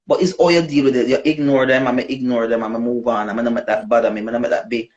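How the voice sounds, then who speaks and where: A woman with a Jamaican accent, a dancehall artist telling her story in a casual interview, animated and slipping into patois. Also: rumbling low, racing, few pauses. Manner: animated, switches into patois, acts out quoted voices. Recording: dull lo-fi recording.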